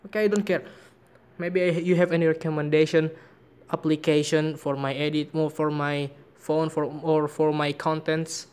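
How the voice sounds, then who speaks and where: A man vlogging casually about phone apps, speaking halting English with frequent restarts and searches for words. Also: on the high side, little pitch movement, darkish tone, smooth. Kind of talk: casual phone-app vlog.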